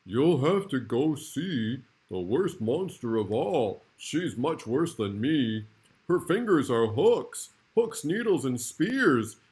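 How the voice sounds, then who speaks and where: A man's voice: medium pitch, big pitch swings, takes it slowly, darkish tone, pitched above the performer's own voice. A man voicing a frightened young monster boy in a storybook, warning dramatically. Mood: fearful. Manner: fearful warning.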